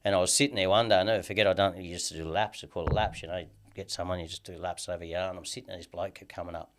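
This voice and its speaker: An Australian man in his thirties tells a long story in a rambling, sweary way, leaning on "you know what I mean" again and again. His voice sits low, and the words come fast. He sounds like a guest in a casual interview. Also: fairly even intonation, background noise.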